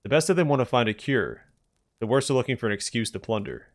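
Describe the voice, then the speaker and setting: A man reading out the lines of a proud, grim old male tribal chieftain in a stern, measured way. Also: medium pitch, very animated, close to an everyday voice.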